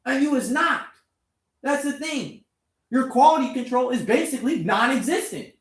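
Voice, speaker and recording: With a very high, expressive voice at a moderate pace, this man is heard in a reverberant space. He's wrenching on a motorbike and ranting to the camera, a sarcastic, angry, profane tirade at an engine that won't start, his breath a bit short as he swears nonstop.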